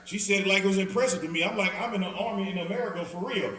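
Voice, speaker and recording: A man's voice: high voice, racing. A man with a Southern accent teaching a Bible study, joking, laughing and acting out the people in his stories. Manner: animated, laughing, acts out quoted people. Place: church hall. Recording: echoey hall, speaker far off.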